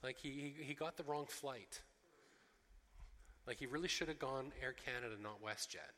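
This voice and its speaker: A man delivers a sermon, lively and expressive, slipping into the voices of the characters he retells. His tone is bright and forward, and his words ring out with the long reverb of a large hall. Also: mid-range voice, moderate pace. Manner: expressive, acting out quoted voices, frequent restarts. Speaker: pastor.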